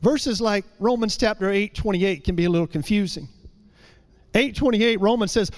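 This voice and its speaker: Middle-aged male preacher, very high voice, emphatic and repetitive delivery. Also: expressive. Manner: emphatic, repeats phrases, slows for key lines. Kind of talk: sermon.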